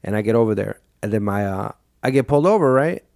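A man's voice: fairly low pitch, animated, fast talker, creaky, darkish tone, dry recording, clean studio sound. A young man hosting a podcast, telling a rambling, profane story in casual chat and quoting himself and others along the way. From Illinois, United States. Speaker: podcast host.

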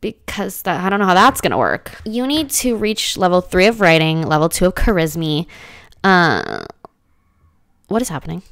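A woman's voice: on the low side, very animated, moderate pace, a bit bright, clean tone, no room sound, clean studio sound. A woman giving casual, dramatic commentary as she plays a life-sim game, full of slangy exclamations. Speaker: gaming let's-play host.

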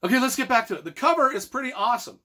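Middle-aged man, author-reviewer, exasperated and emphatic rant, high and swooping, bright edge. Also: expressive, rapid-fire. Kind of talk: ranting book review video.

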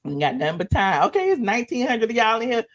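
A woman's voice: on the high side, big pitch swings, quick pace. A woman hosting a livestream, chatting sassily about gossip, laughing often and calling viewers honey. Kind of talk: casual gossip commentary to live viewers.

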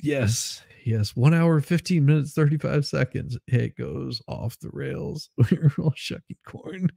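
A man's voice: mid-range voice, takes it slowly, vocal fry, mellow, no echo, studio quality. A man co-hosting a casual live stream, laughing constantly and reading viewer comments aloud. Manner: laughs constantly, giggly and amused. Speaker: livestream co-host reading chat.

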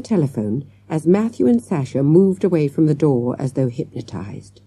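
A woman narrating a children's mystery audiobook in a lively, expressive storytelling manner. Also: low-pitched, normal speed, breathy edge, dry recording. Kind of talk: scripted narration.

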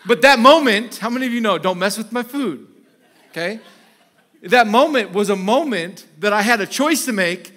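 A man preaching a sermon as pastor, telling lively stories and acting out quoted voices. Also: high voice, moderate pace. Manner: animated storytelling, acts out quoted voices. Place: church sanctuary.

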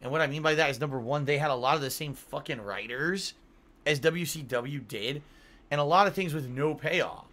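A man's voice: a little high, normal speed, pushed and bright. Tired-sounding man chatting on a livestream. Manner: rambling, swears casually, reads donor messages aloud. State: yawning, tired. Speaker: streamer. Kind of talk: casual livestream chat.

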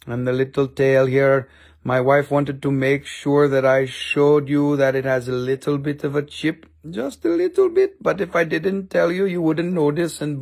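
A man's voice: fairly high pitch, creaky, a little mellow. A man hosting a casual live-stream sale of rocks and minerals, chatty and jokey, with offhand swearing.

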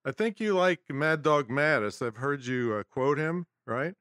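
A man's voice: a little high, expressive, measured pace, a bit bright, smooth, no room sound, clean studio sound. A man hosting a podcast, chatting casually and laughing easily with his guest. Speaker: podcast host. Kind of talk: casual interview chat.

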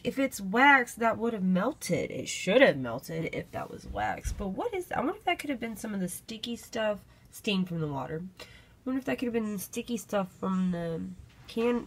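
A woman's voice: medium pitch, very animated, moderate pace, breathy edge. A young woman, chatting casually at home into a phone camera while she thinks aloud. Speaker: vlogger reviewing a candle. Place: home room.

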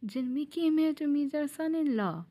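A woman's voice: sits high, lively intonation, normal speed, dark tone, pitched above the performer's own voice. A woman voicing a fussy, doting male parent in a mafia family in a fan audio drama, gushing and affectionate.

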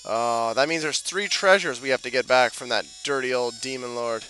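A man's voice: mid-range voice, moderate pace, pushed and bright, faint music behind, poor audio. A man doing casual gameplay commentary, cracking jokes, swearing and talking back to the game characters. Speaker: let's play commentator.

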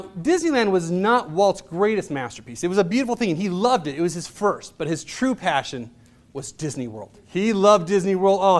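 A man in his thirties giving a motivational presentation, telling stories in a casual, chatty way and acting out the voices of the people in them. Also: high-pitched. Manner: casual, chatty delivery with fillers. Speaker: motivational speaker. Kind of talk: storytelling presentation.

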